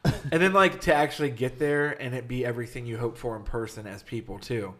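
A man in relaxed podcast banter. He laughs often as he tells a story. His voice sits in an ordinary middle range. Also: medium pitch, brisk. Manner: laughs often while telling stories. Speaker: podcast co-host. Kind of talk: casual chat.

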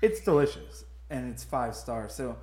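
A man's voice: medium pitch, very animated, unhurried, a little mellow, echoey room. A young man telling a story in casual chat, rambling and laughing often. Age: young adult.

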